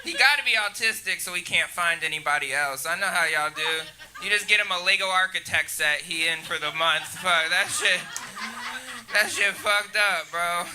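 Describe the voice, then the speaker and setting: Brief: high-voiced male stand-up comic, crude and giggly, live club recording with noticeable background noise. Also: normal speed. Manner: crude, laughs at his own jokes. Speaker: stand-up comedian. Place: comedy club stage.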